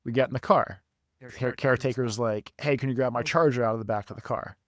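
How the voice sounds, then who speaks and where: A young man telling a rambling story on a podcast, animated and quick to swear, often laughing at his own misfortune. His voice sits in a middle register and sounds close and dry, with almost no room around it. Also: medium pitch, no echo. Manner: animated, profane, laughs at himself. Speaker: podcast co-host. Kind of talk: casual storytelling.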